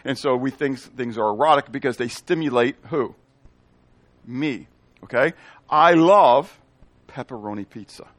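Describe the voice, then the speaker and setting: A man's voice: medium pitch, measured pace, long pauses, no room sound. A male pastor preaching a sermon, often asking the congregation questions and answering them himself, with playful asides in made-up words.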